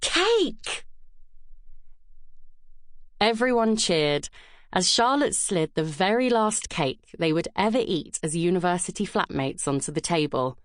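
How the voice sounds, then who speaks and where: A woman narrating an audiobook in a measured, gentle storytelling manner. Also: lowish voice, expressive, dry recording, clean studio sound. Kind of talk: scripted narration.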